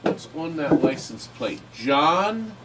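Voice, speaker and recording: A man's voice: a little high, big pitch swings, takes it slowly, heavy background noise. A man hosting a live online auction stream, joking while describing items up close.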